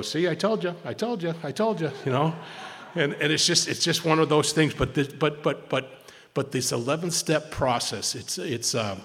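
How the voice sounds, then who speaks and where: At a recovery meeting, a man shares informally, rambling, restarting sentences and repeating words. His ordinary middle-pitched voice is a bit bright and rings with the hall's long reverb.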